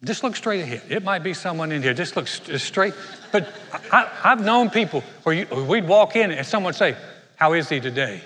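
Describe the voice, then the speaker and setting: A man preaching, telling the story with energy and slipping into the voices of the people in it. His voice is high and bright. It rings out with the long reverb of a large hall. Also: a little fast. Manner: animated storytelling, acts out characters. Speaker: pastor. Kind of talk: sermon.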